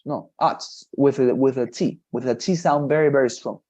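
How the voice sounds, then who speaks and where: This male English tutor's voice is medium-pitched and mellow with fairly even intonation, heard through lo-fi sound. Teaching a one-on-one online lesson, he's encouraging, explains slowly, and repeats his praise.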